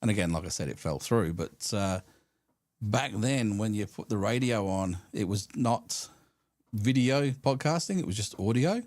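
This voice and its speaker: A man's voice: fairly low pitch, lively intonation, moderate pace, darkish tone, no echo. A man co-hosting a live stream podcast, chatting casually and telling stories, sometimes mimicking radio hosts and callers. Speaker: podcast co-host. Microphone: studio mic through a mixer.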